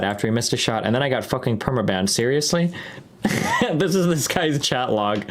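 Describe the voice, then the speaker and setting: A young man streamer in a casual, rambling monologue, swearing often and restarting sentences as he talks fast. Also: mid-range voice. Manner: fast, profane, rambling with many fillers and restarts.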